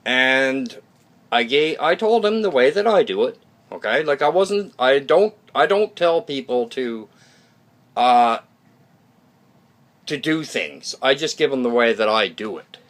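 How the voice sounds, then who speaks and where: Speaking at a measured pace with an expressive, ordinary-pitched voice, this YouTube host talks casually and without a script to his audience. He offers blunt opinions with occasional swearing, wanders, starts sentences over, and often asks "okay?"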